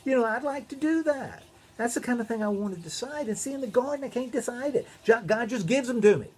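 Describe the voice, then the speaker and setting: A woman doing a high wistful young Eve. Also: lively intonation, fast, a little mellow, lightly acted.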